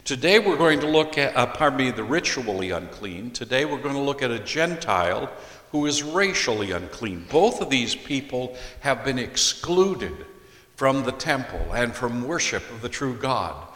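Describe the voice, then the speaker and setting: A man preaching an expository sermon as a pastor, deliberately reading scripture aloud and explaining it. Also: mid-range voice, sing-song, a bit bright. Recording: echoey hall with long reverb.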